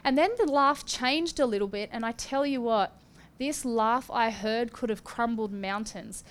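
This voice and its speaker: A woman preaching and giving prophecy in a fervent charismatic style, with rising exclamations and sharp gasps. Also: on the high side, a little slow, smooth. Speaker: prophetic minister.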